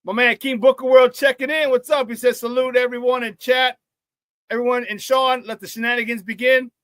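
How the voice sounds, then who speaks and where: An extremely high-pitched man talks briskly on a dry recording while hosting a casual sports talk radio show. The Chicago-area host reads out the live chat, repeats himself, and stays animated and laughing.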